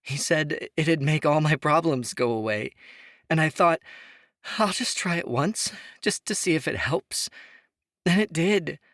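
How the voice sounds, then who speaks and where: Guy doing a heartbroken young woman, shrill and high, crying through it, dry audiobook sound. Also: lively intonation, a little slow, a bit bright, dry recording. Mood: tearful. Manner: shrill, tearful outbursts. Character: young woman, angry and grieving.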